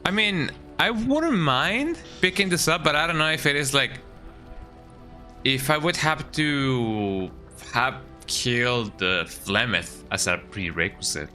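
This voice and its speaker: A man's voice: medium pitch, animated, slow pace, pushed and bright, faint music behind. A young man streaming a game, chatting casually in a rambling way and tagging "eh?" onto lines. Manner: rambling, says "eh" often. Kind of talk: casual chat while gaming.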